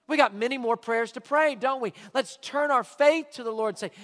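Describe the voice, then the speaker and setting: A male pastor preaching a sermon with emphatic delivery, swinging from quiet asides to loud, shouted points. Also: very high-pitched, animated, a little fast, hardly any pauses, long reverb tail.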